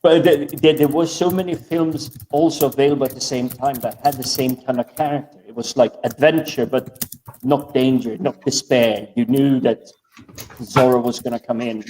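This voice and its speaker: Male co-host, mellow tone, rambling and stammering, distant from the mic on an online call. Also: mid-range voice, steady tone, normal speed, a little hiss or hum. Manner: rambling, stammers and repeats words. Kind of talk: casual chat.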